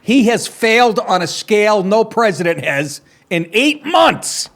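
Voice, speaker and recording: A man's voice: high voice, expressive, unhurried, a bit bright. A man hosting a talk show, ranting sarcastically and crudely over political clips.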